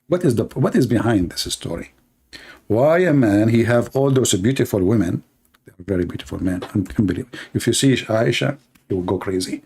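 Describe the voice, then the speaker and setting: A man's voice: lowish voice, animated, a little fast, darkish tone, slightly rough. Mocking man with an Arabic accent. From Middle East. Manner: mocking, sarcastic. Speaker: online debate host. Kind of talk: live debate.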